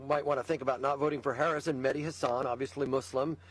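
A man talking as a guest in a casual political chat, emphatic and fired up, with quick asides. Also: medium pitch, fairly even intonation, breathy edge.

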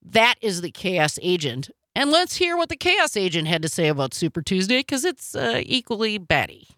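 A woman hosting a political commentary show, animated and cutting in her remarks. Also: mid-range voice, normal speed, no room sound, clean studio sound. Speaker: host.

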